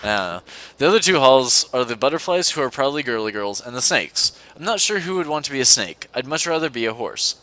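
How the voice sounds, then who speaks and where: Bright-voiced young man reading a game aloud. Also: mid-range voice, lively intonation, quick pace. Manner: playful, giggly, reads aloud with asides. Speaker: let's-play host reading a visual novel. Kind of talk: casual co-op game commentary and read-aloud. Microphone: desk mic at a computer.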